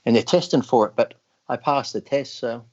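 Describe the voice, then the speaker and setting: Brief: male podcast guest, mid-pitched, loose storyteller who swears often, muffled lo-fi audio. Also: brisk. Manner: crude, laughing anecdotes, heavy swearing. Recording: dull lo-fi audio.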